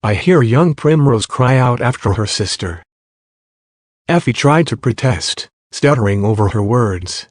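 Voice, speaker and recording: A man narrating fan fiction aloud in a steady first-person storytelling voice. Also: medium pitch, measured pace, no room sound, studio quality.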